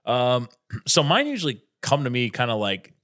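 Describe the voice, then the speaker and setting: A man's voice: mid-range voice, big pitch swings, moderate pace, a bit bright. A man, a stand-up comedian, chatting on a podcast in a rambling, profane way with many fillers. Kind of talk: casual podcast chat.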